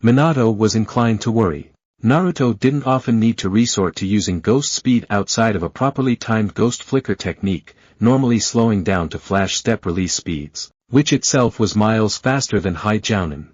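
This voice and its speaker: A man narrating a fan fiction story in a steady storytelling manner. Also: fairly low pitch, normal speed, breathy edge, no echo. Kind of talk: reading fan fiction aloud. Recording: dull lo-fi, dry close sound.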